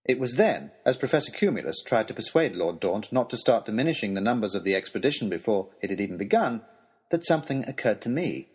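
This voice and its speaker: A man's voice: fairly low pitch, very animated, fast talker, darkish tone, slightly rough. A man reading a storybook letter aloud in a wry, dry and polite manner. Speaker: audiobook reader.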